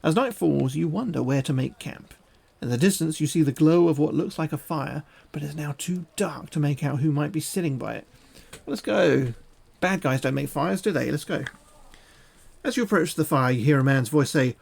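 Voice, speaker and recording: A man reads a fantasy gamebook on a live stream and breaks off often for crude, cheeky jokes. His voice is a little high and has a gravelly texture. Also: animated, normal speed, a little mellow. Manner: crude, joking asides. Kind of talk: reading a gamebook aloud with banter.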